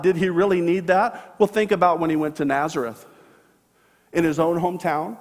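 A man's voice: high voice, long reverb tail. A man preaching a sermon as pastor, retelling a story earnestly and acting out the quoted voices. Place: church sanctuary.

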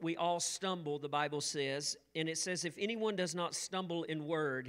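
Earnest preacher man, smooth clear voice. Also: a little high, a bit bright. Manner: earnest, measured preaching with repeated phrases. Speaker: pastor. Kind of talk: sermon with opening prayer. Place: church service streamed online.

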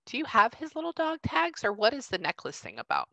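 Bright-voiced woman medium, lively and chatty. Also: fairly high pitch, gravelly, no room sound, lo-fi sound. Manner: relays messages in quick bursts, acts out what she is shown. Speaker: psychic medium. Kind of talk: casual reading session.

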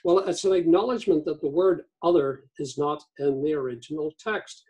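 A man delivering a teaching sermon in a church, measured and deliberate, reading quotations aloud. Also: on the high side, dark tone, husky, poor audio. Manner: measured, reads court transcript and scripture aloud. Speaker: visiting speaker on cults.

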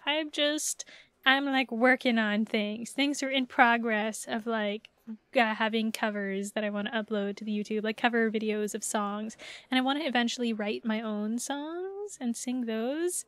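Giggly high-voiced woman streamer. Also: measured pace, clear, resonant tone, dry recording. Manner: giggly, rambling, playful. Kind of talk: casual live-stream chat.

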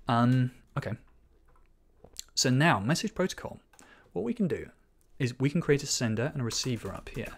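A man works through a programming task out loud, half talking to himself as he reads out code. He corrects himself often and stops now and then to explain a point like a teacher. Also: medium pitch. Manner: thinking aloud, muttering code as he types; quick self-corrections and asides. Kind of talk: live-coding commentary.

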